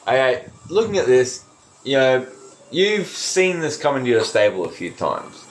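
A man narrates as game master of a tabletop game. He talks haltingly, with many fillers and restarts. A faint hiss sits under the recording. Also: mid-range voice, very animated, low-quality recording. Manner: hesitant, full of fillers and restarts.

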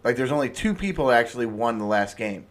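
A man's voice: mid-range voice, animated, fast. A man co-hosting a podcast, telling stories in a loose, rambling way with many restarts. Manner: rambling, self-correcting storyteller. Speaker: podcast co-host. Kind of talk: casual chat.

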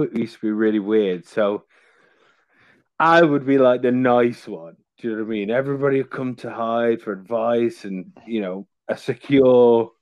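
A man's voice: medium pitch, dry recording, muffled recording. A man, a podcast guest, telling stories in casual chat with many fillers and restarts. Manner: rambling storytelling with many fillers.

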